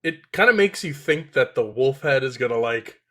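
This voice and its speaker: A man's voice: medium pitch, expressive, moderate pace, fairly bright tone. A man co-hosting a casual film review podcast, dry and teasing in his short replies. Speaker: podcast co-host.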